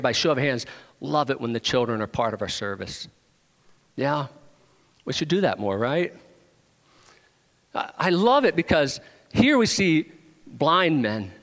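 A man preaching a sermon in a church, emphatic, rising to loud proclamations and dropping to hushed asides. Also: on the high side. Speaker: pastor. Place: church sanctuary. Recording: long hall reverb.

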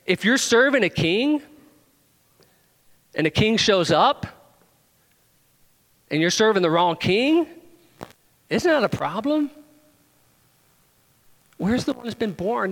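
A man preaching a sermon, animated, pushing his voice up into emphatic questions and joking with the congregation. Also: high-pitched, slow, long pauses, in a large hall. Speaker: pastor.

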